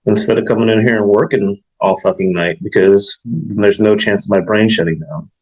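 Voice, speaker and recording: A man chatting casually on a podcast, talking bluntly and swearing often, with a gravelly, husky voice. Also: fairly low pitch, normal speed, darkish tone, low-quality recording. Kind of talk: casual chat.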